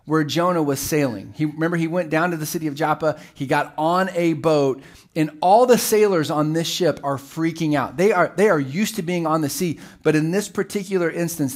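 A middle-aged man preaching a sermon as pastor, telling the story with animated, acted-out voices. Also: fairly high pitch, normal speed.

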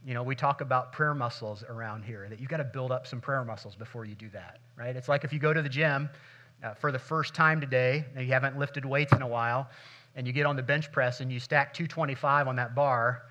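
A man's voice: medium pitch, a little fast, sharp tone, lo-fi sound. A middle-aged male pastor preaching a sermon in a conversational, humorous way, acting out little scenes.

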